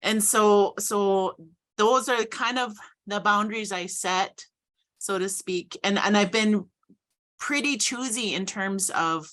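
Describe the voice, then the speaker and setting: A woman's voice: medium pitch, slow pace, a bit bright. A woman speaking earnestly and reflectively as a panelist in a conversational discussion.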